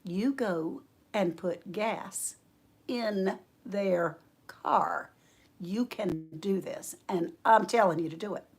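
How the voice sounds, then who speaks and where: Woman doing the Lord's voice, male, stern, low hushed whisper, slow and commanding. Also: natural voice.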